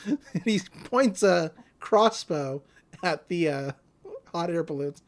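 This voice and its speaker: Animated woman recapping a cartoon episode. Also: fairly low pitch, slow. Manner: animated retelling with many fillers. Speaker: podcast co-host.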